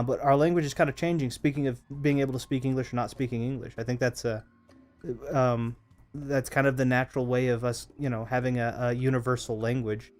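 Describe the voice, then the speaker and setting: A hoarse man streaming a game, chatting casually with viewers in a rambling, self-correcting way. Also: mid-range voice. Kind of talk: casual live-stream chat over gameplay.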